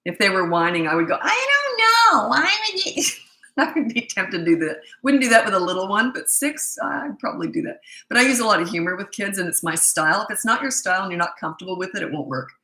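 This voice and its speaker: A woman's voice: on the low side, expressive, quick pace, pushed and bright, roomy sound, low-quality recording. A middle-aged woman coaching parents in a casual Q&A, blunt, emphatic and repetitive. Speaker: parenting coach answering viewer questions. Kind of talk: casual live Q&A.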